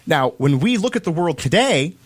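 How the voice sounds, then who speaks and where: A man's voice: on the high side, very animated, moderate pace. A man from the United States giving opinionated political commentary as co-host, emphatic and repeating phrases for stress.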